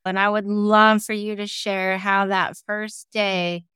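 A woman's voice: medium pitch, flat delivery, takes it slowly, pushed and bright, smooth, no room sound, studio quality. A woman hosting a podcast interview, reflective and encouraging, with casual asides like "right?". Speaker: podcast host. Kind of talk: conversational interview.

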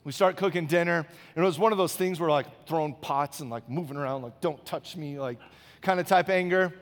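A high-pitched male pastor in his thirties preaches a sermon in a chatty, storytelling way, stopping often to check in with the crowd. His voice carries a long reverb, as if it fills a big church hall. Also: a little fast. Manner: conversational, storytelling, frequent "okay?" check-ins.

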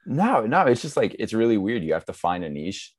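Low-voiced young Massachusetts man. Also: very animated, a little fast. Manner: laid-back, rambling, lots of fillers. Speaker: guest, TikTok creator. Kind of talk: casual chat.

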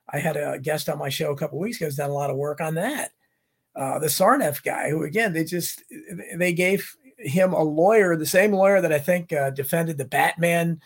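A man's voice: fairly high pitch, gravelly. A male show host talking about politics casually, rambling from one tangent to the next. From United States. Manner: rambling, animated, jumps between tangents.

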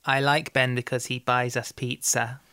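A man's voice: mid-range voice, flat delivery, normal speed, sharp tone, clean tone. A man co-hosting a comedy podcast, joking around in a goofy way. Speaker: podcast co-host. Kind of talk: casual comedy chat.

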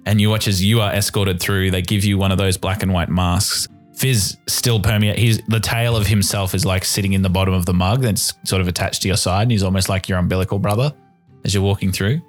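Low-pitched male game master, relaxed scene narration, faint music under. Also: fairly quick. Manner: descriptive, relaxed narration with fillers.

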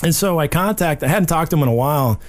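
A man's voice: on the high side, lively intonation, quick pace. A man co-hosting a podcast, telling a loose story in casual chat with plenty of fillers and restarts. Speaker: podcast co-host.

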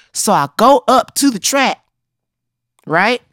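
A woman's voice: on the high side, expressive, slow pace, fairly bright tone, no room sound, studio quality. Woman telling an improv story. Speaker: improv player.

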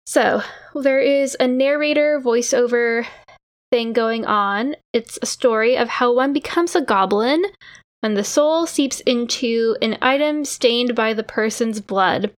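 A woman's voice: a little high, unhurried. A woman co-hosting a casual podcast, recapping a TV episode in a laid-back, sarcastic way, with some swearing. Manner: laid-back, sarcastic, swears, quotes characters in mock voices. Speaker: podcast co-host recapping a drama. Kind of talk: casual chat.

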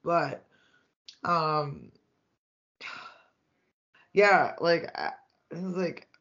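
A young man talks in a slow, lazy drawl, laughs a lot and swears freely. His voice is a little high, and the recording is dull and lo-fi. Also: fairly even intonation, pushed and bright. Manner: laughing often, drawling, crude. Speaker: podcast co-host. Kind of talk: casual chat. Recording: dull lo-fi sound.

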